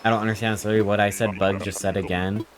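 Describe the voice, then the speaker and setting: A man's voice: fairly low pitch, little pitch movement, fast, crowd noise. A young man streaming a game, chatting casually with viewers in a playful, rambling, joking way as he reacts to chat. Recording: game music playing behind the voice.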